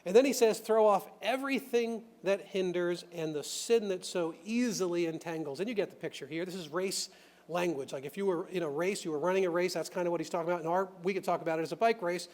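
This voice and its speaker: A man's voice: high-pitched, fast talker, darkish tone. A man preaching a sermon as pastor, talking conversationally and animatedly, with rhetorical questions and frequent restarts. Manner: frequent restarts and filler words.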